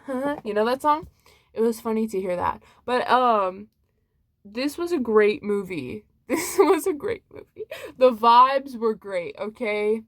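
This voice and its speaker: A woman's voice: fairly high pitch, dry recording, studio quality. A young woman chatting casually as she reviews movies, bubbly and giggly, filling her talk with "like". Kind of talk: casual chat.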